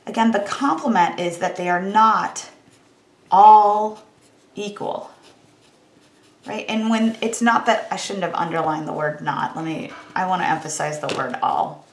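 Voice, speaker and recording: Woman stats teacher, conversational recorded lecture, gravelly voice, echoey room. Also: mid-range voice, lively intonation, normal speed. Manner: casual, conversational, wry about tedious calculations. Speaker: statistics teacher.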